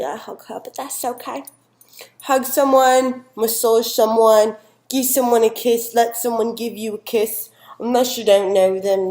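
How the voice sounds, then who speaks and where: As the guest expert in a mock news bit, a young woman puts on a Southern accent and plays a folksy, chatty character who rambles and addresses her dog. Her voice is mid-range with a darkish tone, lightly acted, and the room is echoey.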